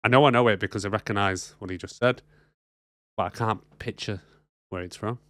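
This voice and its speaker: Bright-voiced British co-host. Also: male voice, lowish voice, brisk, dry recording, clean studio sound. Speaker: podcast co-host. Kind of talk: casual podcast chat. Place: home studio.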